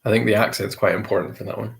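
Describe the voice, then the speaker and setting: A man with a slightly low voice hosts a casual quiz among friends. He reads each question at an easy pace and repeats it, with the odd light chuckle. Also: steady tone, rapid-fire, gravelly. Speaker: quiz host.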